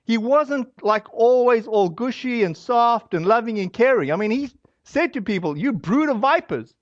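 High-voiced man preaching casually. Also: normal speed, dry recording. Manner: casual and animated, acts out quoted voices, many fillers. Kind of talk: conversational sermon. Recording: dry, dull lo-fi audio.

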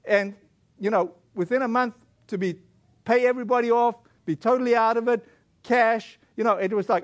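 Man from South Africa with a high voice, earnest church preacher sharing a testimony, halting and heartfelt. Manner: earnest storytelling with many restarts and fillers. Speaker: pastor. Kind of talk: sermon testimony.

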